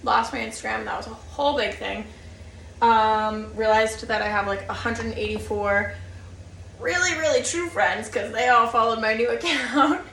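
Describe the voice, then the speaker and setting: A woman's voice: a little high, moderate pace, creaky, a bit bright, a little hiss or hum. A young woman vlogger telling a rambling, casual story about herself, full of fillers and laughing at her own mishaps. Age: young adult. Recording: echoey room, mic at a distance.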